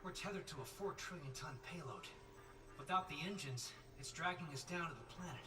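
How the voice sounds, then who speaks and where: A man's voice: fairly high pitch, animated, a little fast, echoey room, music in the background, lightly acted. A man voicing a tense ship crewman. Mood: urgent. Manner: urgent, explanatory. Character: tense male ship crewman briefing on failing engines. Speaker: spaceship crew member. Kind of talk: video game dialogue. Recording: distant game audio, clear noise.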